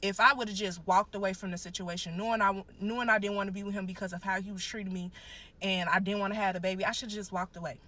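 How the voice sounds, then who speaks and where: A woman's voice: medium pitch, fairly even intonation, fast talker, sharp tone. A young woman animatedly telling a personal story in casual, profane speech, often calling out to listeners as y'all. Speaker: guest telling her story. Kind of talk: emotional storytelling.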